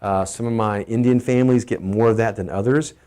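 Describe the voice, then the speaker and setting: A middle-aged man with a Texan accent gives a casual, energetic family health talk, asking his listeners questions as he goes. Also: fairly low pitch, fairly quick, clear, resonant tone. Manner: energetic, emphatic, asks the audience questions.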